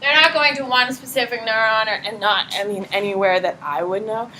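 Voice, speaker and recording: A woman teacher giving a chatty, animated classroom lecture, often checking in with her students. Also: a little high, brisk, a little hiss or hum. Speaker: high school teacher. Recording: roomy classroom echo.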